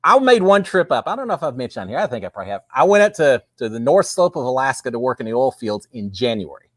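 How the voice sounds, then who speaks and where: Man, Texan accent, casual live-stream host, folksy, lively pitch, dry room. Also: quick pace, no echo. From Texas. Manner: folksy, chatty, reads viewer comments aloud. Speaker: livestream host. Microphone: webcam with green screen.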